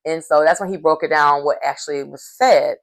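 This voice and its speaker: A woman's voice: low voice, a little fast, creaky. A woman vlogger casually recapping a reality show episode, telling it animatedly and acting out quotes. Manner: animated storytelling, acts out quotes.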